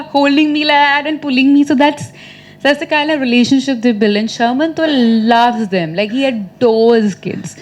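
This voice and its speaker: A woman with an Indian English accent talks at a press meet, playful and chatty and quick to tease. Her voice sits a little high for a woman. Her answers are loose and full of stories. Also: poor audio. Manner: chatty and playful, teasing the reporters.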